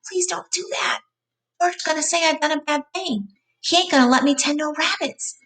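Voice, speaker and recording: A woman reading aloud as a big, simple-minded, childlike farmhand man, in a slow pleading drawl. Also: medium pitch, lively intonation, vocal fry.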